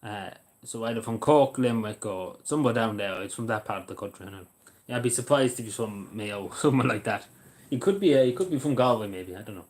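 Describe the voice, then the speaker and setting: A man's voice: on the low side, animated, fast talker, a little mellow. Rambling Irish man chatting. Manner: rambling, hesitant, swears casually. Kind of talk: casual livestream chat.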